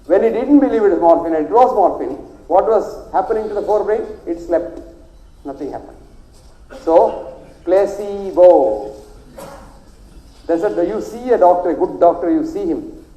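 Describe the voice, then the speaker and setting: A man's voice: sits high, animated, moderate pace, pauses often, dark tone, roomy sound, low-quality recording. A man from South India who is a doctor, speaking with a South Indian accent and giving an emphatic, repetitive health lecture.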